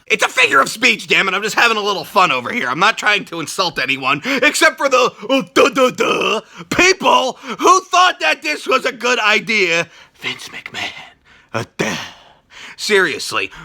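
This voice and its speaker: Raspy high-voiced ranting man. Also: very animated, moderate pace. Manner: loud, sarcastic, swears constantly, shouts often. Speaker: wrestling reaction show host. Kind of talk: profane ranting review.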